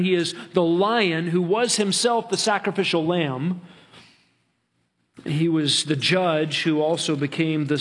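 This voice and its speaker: High-voiced man preaching a sermon. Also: fairly bright tone. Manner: earnest preaching, stretches key words slowly. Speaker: pastor.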